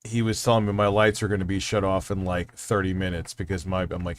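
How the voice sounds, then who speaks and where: A man's voice: deep voice, little pitch movement, fast talker, hardly any pauses, a little hiss or hum. A man hosting a casual livestream, rambling and swearing freely while reading out chat messages. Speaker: livestream host.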